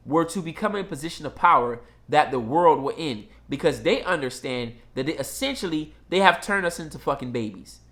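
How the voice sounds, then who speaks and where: Blunt, emphatic male commentator, slightly higher voice, casual monologue. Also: a bit bright.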